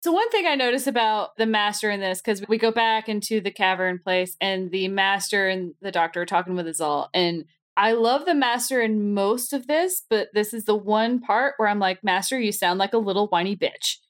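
A woman's voice: mid-range voice, moderate pace. A woman co-hosting a podcast, chatting playfully with emphatic asides and giggles. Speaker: podcast co-host. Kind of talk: casual chat reviewing a TV serial.

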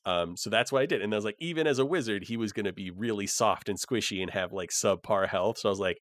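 A man's voice: on the low side, lively intonation, fast, no room sound, clean studio sound. A young man talking casually about the character he plays in a tabletop game, rambling with plenty of fillers. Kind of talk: casual podcast chat.

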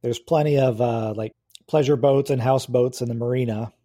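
A man narrating as game master of a tabletop role-playing game, describing scenes in a relaxed way with frequent filler words. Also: mid-range voice, a little fast.

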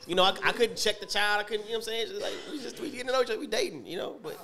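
A man co-hosting a casual podcast chat, excitable, repeating his words and laughing a lot. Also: high voice, very fast. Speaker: podcast co-host.

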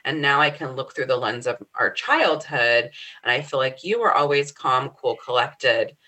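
Podcast co-host, forties, woman; low register but a bright, forward tone; earnest, reflective chat. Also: normal speed. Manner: earnest, often checks in with "right?". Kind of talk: casual reflective conversation.

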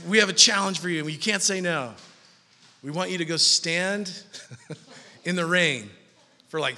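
A middle-aged male pastor preaches with a high, bright voice that swings widely in pitch. He tells funny stories and acts out quoted voices. His voice carries a long reverb, as in a church hall. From California. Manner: animated, joking storyteller, acts out quoted voices. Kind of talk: sermon.

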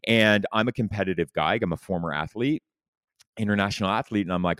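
Deep-voiced emphatic man, dry sound. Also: fast, smooth, no echo. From lived in New York City. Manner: animated, emphatic, swears freely. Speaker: guest in recovery, news anchor. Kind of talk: candid conversational storytelling.

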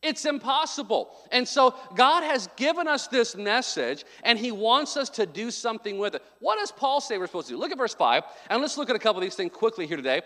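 A man with a high voice preaches a sermon, slipping easily between joking, chatty asides and emphatic calls to his congregation. His voice rings out with a long, lingering reverb from a large church hall. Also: very animated, fairly quick, hardly any pauses, pushed and bright. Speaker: pastor.

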